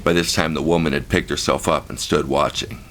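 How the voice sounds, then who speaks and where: A man's voice: a bass voice, steady tone, a little fast, fairly bright tone. A man narrating his own memoir as an audiobook, frank, vivid and profane. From United States. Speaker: author-narrator.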